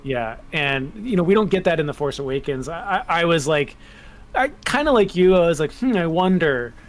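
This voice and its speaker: A man co-hosting a podcast, telling his views in an animated, chatty way during a casual fan chat. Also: a little high, fairly quick. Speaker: podcast co-host.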